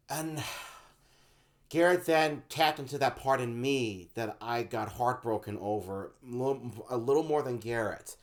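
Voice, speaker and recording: A man co-hosting a casual vlog, telling a story and getting loud and animated when he replays his own frustration. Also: mid-range voice, unhurried. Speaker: co-host of a web show vlog.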